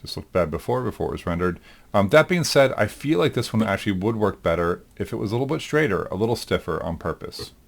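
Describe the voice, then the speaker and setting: A male animation instructor in a recorded lecture, talking through his work aloud in a relaxed way, with frequent ums. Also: on the low side, fast talker, vocal fry, slight background noise. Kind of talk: recorded lecture demonstrating software.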